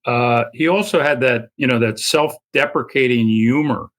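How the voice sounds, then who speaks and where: An older man speaking as an interview guest, earnest and halting, with many fillers and repeated starts. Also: medium pitch, a bit bright. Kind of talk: conversational interview.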